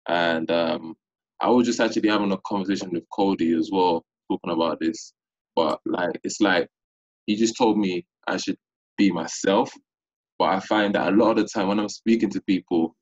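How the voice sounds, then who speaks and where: Hesitant deep-voiced London man. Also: dull audio. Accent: London English. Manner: hesitant, many fillers. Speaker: student on a coaching call.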